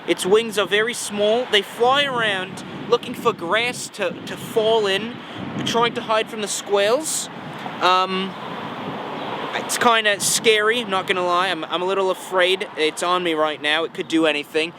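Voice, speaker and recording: A young man playing a bumbling nature documentary host, rambling on in mock-serious deadpan. His voice sits high for a man. Traffic and outdoor noise run clearly behind him. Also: measured pace. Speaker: comic nature show host. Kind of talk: comedy sketch, mock documentary. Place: outdoors on a campus. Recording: noisy outdoor recording with traffic.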